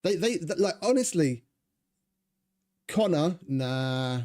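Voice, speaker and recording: A man's voice: fairly high pitch, expressive, takes it slowly, a little mellow. A man giving casual, rambling gameplay commentary as a streamer, chatty and swearing freely. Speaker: gaming streamer.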